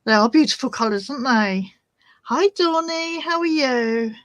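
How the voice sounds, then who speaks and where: A woman's voice: high voice, lively intonation, normal speed, a bit bright, no room sound, poor audio. A woman hosting a crafting vlog, chatting casually and easily distracted while she shows her resin swatches. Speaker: crafting channel host.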